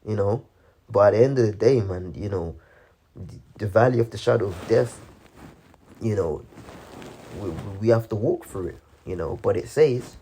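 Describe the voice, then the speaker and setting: A man with a somewhat low voice delivers loose, conversational religious commentary. His speech stumbles through frequent restarts and fillers, with "man" and "you know" tacked onto nearly every thought. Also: mellow, a little hiss or hum. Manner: halting, many restarts, keeps saying "man" and "you know". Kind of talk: casual preaching commentary.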